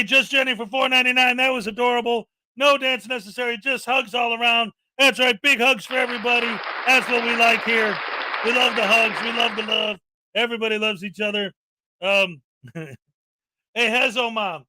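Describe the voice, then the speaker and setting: A man chatting casually on a livestream, upbeat and joking with his viewers. His voice is high for a man and very bright, with faint crowd sound and noise behind it. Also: steady tone, moderate pace, dry recording. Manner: upbeat, joking, reads chat. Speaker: livestream host. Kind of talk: casual live chat.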